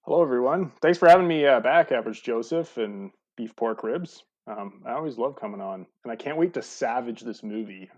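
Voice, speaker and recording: A male podcast guest talks wryly and hesitantly, with plenty of ums. His pitch sits in the middle, and his remote line sounds slightly dull and lo-fi. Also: animated, a little fast, hardly any pauses. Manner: wry, hesitant with many ums. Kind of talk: casual podcast chat. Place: home, recording remotely.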